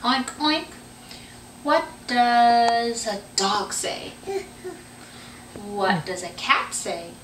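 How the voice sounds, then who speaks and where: A young mother speaks slowly and patiently to her toddler in a bright, clear tone, her pitch swooping up and down as she asks question after question. It's a home camcorder recording, roomy and picked up from across the living room. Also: animated, recorded from a distance, a little hiss or hum. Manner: patient, sing-song questioning of a small child. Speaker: parent. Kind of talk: home video, coaxing a toddler.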